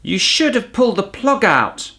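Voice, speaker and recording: A man voicing a cheeky, excited young boy who sounds eager and admiring in a storybook reading. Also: high voice, moderate pace, voice pushed up, heavily acted.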